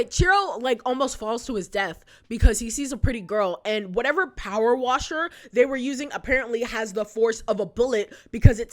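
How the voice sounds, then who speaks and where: A woman chats her way through a cartoon review in a relaxed, off-the-cuff voice of middling pitch. She rambles, piles up filler words and restarts, and often laughs at herself. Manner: chatty, rambling, many "like" fillers, frequent laughs. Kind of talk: casual retrospective commentary.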